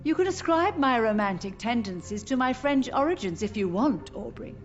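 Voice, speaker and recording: A woman voicing a grieving elderly mother in a game, speaking softly and tenderly, with a gentle, sorrowful manner. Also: a little high, lively intonation, normal speed, dull audio, soft background music, close to an everyday voice. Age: older. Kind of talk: game voice acting.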